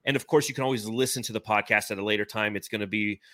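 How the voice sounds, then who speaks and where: Bright, dry-sounding male podcast host in his forties, animated and chatty. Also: on the low side, racing, dry recording. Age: 40s. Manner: enthusiastic, rambling, animated. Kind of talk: casual sports podcast chat.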